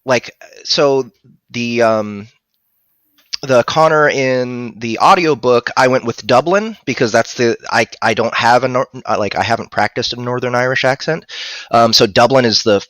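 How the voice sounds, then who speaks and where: A man's voice: medium pitch, moderate pace, a bit bright, no echo. A man chatting casually on a livestream about narrating audiobooks, rambling with restarts and fillers.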